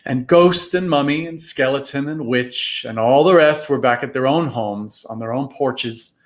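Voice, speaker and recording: A man reading a storybook aloud in a live reading, with an expressive, dramatic delivery. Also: mid-range voice, unhurried.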